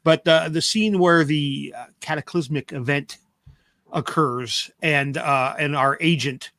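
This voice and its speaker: A man's voice: on the high side, a little slow, fairly bright tone, no room sound. A man co-hosting a review podcast in casual chat, wry and hesitant with frequent "uh"s. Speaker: podcast co-host.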